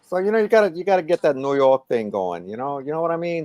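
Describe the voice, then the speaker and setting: Brief: easygoing male co-host, lively pitch, dry close recording. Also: quick pace, no room sound. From Texas. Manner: easygoing, with many fillers. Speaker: podcast co-host. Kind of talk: casual chat.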